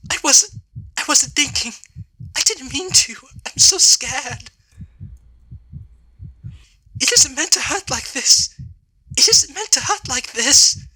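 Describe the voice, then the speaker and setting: A man's voice: very high voice, animated, unhurried, bright, forceful tone, exaggerated voice. A man voicing a frightened young woman in despair, tearful and shaky. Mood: sobbing.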